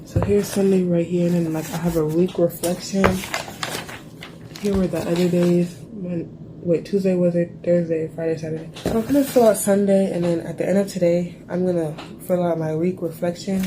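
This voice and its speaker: A woman's voice: on the low side, steady tone, fairly quick, noisy background. A teenage girl with a stuffy cold, chatting casually to camera in a rambling vlog, full of "like" and "bro". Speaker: lifestyle vlogger.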